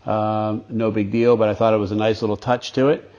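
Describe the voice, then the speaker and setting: A man's voice: fairly low pitch, flat delivery, a little fast, a little mellow, highs cut off. Chatty enthusiastic car dealer man. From United States. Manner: enthusiastic, chatty salesman talk. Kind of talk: casual walkaround presentation.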